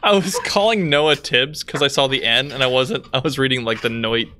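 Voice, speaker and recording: A man's voice: medium pitch, moderate pace, sharp tone, slight background noise. A man from Michigan with a Midwestern accent and a little Texas twang, telling stories animatedly on a live stream and laughing often. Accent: Midwestern American with some Texas twang. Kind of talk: casual storytelling chat.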